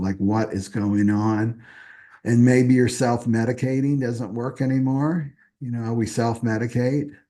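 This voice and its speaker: A man's voice: mid-range voice, warm tone. A man doing a casual live astrology reading, talking in a loose, repetitive way and often asking "right?". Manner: chatty, repeats himself, often asks "right?". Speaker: astrology reader.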